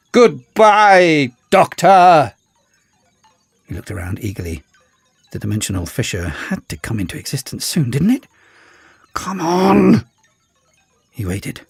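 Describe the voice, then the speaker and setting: A man reading an audiobook as narrator, in an expressive storytelling manner. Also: fairly low pitch, breathy edge, no echo. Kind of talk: scripted narration.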